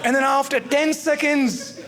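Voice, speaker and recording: A man doing stand-up on a comedy club stage, telling a story in an animated way with frequent tag questions. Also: very high-pitched, measured pace, crowd noise.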